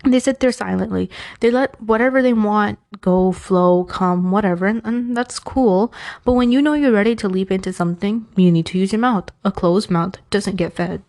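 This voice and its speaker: This is a woman with a New York accent talking through casual life advice as a podcast host. Her voice is mellow and warm and sits at an everyday pitch for a woman. She talks in a chatty, animated way and drifts into playful, self-mocking asides. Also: normal speed.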